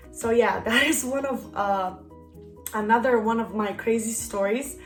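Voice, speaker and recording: A young woman vlogger tells a casual story time in a slightly high, unhurried voice, rambling and leaning heavily on "like" as a filler. The recording has a roomy echo and faint background music.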